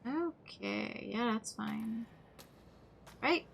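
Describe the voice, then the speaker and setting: A woman's voice: fairly high pitch, expressive, very slow, creaky, a little hiss or hum. Giggly sarcastic young woman streamer. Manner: sarcastic, giggly, says "like" often. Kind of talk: casual let's play commentary.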